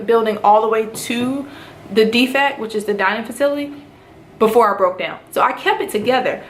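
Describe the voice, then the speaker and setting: A woman from North Carolina, a nurse in officer training, telling her story in a casual vlog. She talks in an animated way and acts out the lines other people said to her. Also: on the high side. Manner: animated retelling, acts out quoted speech. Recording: roomy echo, faint background noise.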